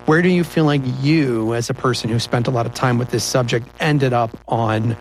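A man hosting a podcast interview, asking questions in a quick, conversational way. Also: mid-range voice, soft background music, rough recording. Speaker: podcast host.

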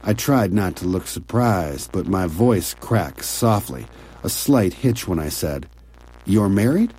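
A man narrating an audiobook story in a quiet, measured, intimate way. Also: low-pitched, expressive, a little hiss or hum. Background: soft music.

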